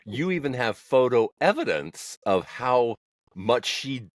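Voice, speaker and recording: A man's voice: mid-range voice, big pitch swings, takes it slowly, dry recording. A man co-hosting a podcast, chatting casually and reacting to stories with short exclamations. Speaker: podcast co-host. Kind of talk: casual chat, listening and reacting.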